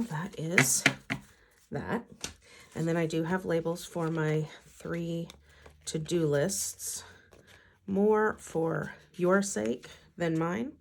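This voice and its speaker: Brief: chatty woman planner vlogger, deep pitch, husky tone. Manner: chatty, talks to herself as she works. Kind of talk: casual chat while decorating a planner.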